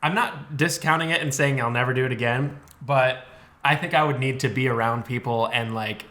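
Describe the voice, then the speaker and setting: A man co-hosting a podcast, telling an animated, laughing story in casual chat with frequent swearing. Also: mid-range voice, normal speed. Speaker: podcast co-host.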